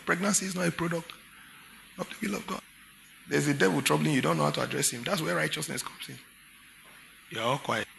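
A man's voice: fairly high pitch, gravelly, pushed and bright, slight background noise. A Nigerian man preaching a sermon as pastor, emphatic and full of rhetorical questions to his congregation.

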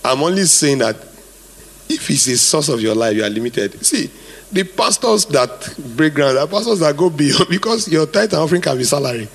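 Male pastor, mid-pitch, gravelly and husky, preaching emphatically in a reverberant hall. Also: very animated, moderate pace. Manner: emphatic, repeats phrases, asks the congregation to fill in words. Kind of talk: sermon. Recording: reverberant hall, live sermon.

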